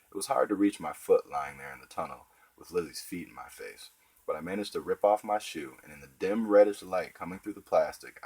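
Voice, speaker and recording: A man's voice: very deep voice, darkish tone, husky, rough recording. A man narrating a children's book in first person, wry and conversational. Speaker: audiobook narrator.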